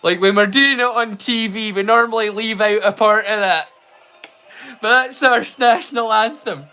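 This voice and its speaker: A man's voice: high voice, normal speed, sharp tone, clean tone. A man with a Scottish accent hosting a live watch-along, chatting in a rambling way and breaking into song. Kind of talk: casual chat.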